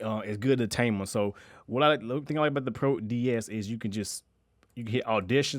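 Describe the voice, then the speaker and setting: A young man runs through a casual screen-recorded production tutorial at a quick clip, speaking loosely with slang and restarting sentences often. His mid-range voice sounds dry and close, with no room sound.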